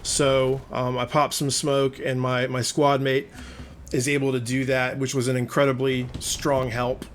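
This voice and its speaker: A man's voice: medium pitch, flat delivery, a little slow, slight background noise. A man narrating his own gameplay in a conversational voice-over, explaining each move and openly admitting when he gets frustrated. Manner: conversational, explaining play as it unfolds. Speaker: gaming video host.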